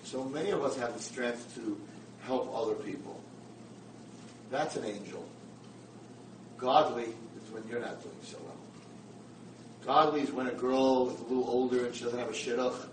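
A man giving a sermon-style lecture, telling a story in an animated, emphatic way. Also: mid-range voice, moderate pace, long pauses. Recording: roomy, far from mic, background noise.

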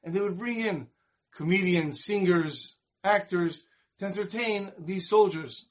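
A man teaching a Torah class, telling a moral story in an animated storyteller's manner. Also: sits high, a little slow. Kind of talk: storytelling lesson.

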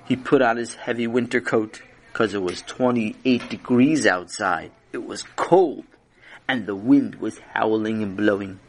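A man narrating a children's story with animated, dramatic storytelling. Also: fairly low pitch, a little slow.

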